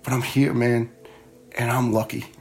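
A man's voice: medium pitch, flat delivery, moderate pace, faint music behind. A middle-aged firefighter telling his own story in a blunt, heartfelt, conversational way. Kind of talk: personal storytelling.

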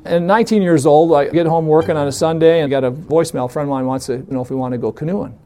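A man telling a funny story from his youth in a casual, animated way, laughing often and acting out the voices of others. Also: on the high side, quick pace. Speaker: storyteller guest. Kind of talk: casual anecdote.

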